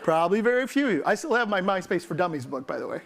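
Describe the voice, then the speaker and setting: A man giving a humorous, energetic keynote to a live audience, quizzing them and mimicking what people say. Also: high voice, very fast. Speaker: conference keynote speaker.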